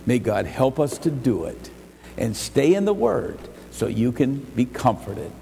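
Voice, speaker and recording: A male pastor preaching a sermon in a church, emphatic, rising to raised exhortation and dropping to quiet earnest asides, often repeating words as he restarts. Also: medium pitch, very animated, measured pace, creaky. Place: church sanctuary. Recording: long church reverb, faint ambient noise.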